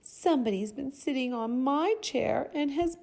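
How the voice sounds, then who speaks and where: A woman voicing a tiny baby bear boy in a high, squeaky little voice for a storybook reading. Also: normal speed, creaky, darkish tone. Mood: whiny, tattling.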